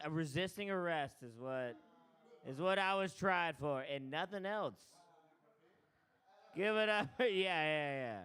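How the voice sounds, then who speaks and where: A man's voice: high-pitched, fairly bright tone, clear, resonant tone. A man hosting a stand-up show, hyping up comics and teasing them with banter. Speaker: comedy show host.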